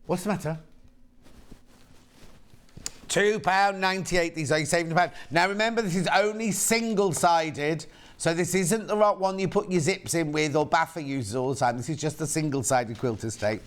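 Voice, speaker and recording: A man's voice: a little high, fairly quick. A man presenting on a live TV shopping channel in a chatty, camp manner, with a British accent, reading out viewer messages between product details. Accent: British English. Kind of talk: live TV sales chat. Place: TV studio.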